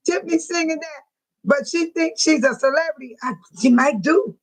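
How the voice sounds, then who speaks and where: Woman, high voice, livestream host, reads chat aloud, slangy, laughs a lot. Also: moderate pace, poor audio. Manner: breaks into laughter often, talks straight to viewers; informal slangy speech. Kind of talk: casual live-stream chat.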